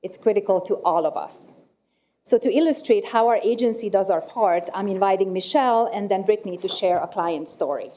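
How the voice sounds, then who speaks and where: A woman representing a nonprofit, giving prepared public comment at a council meeting in a formal, slightly halting reading. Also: medium pitch, dark tone, a little hiss or hum.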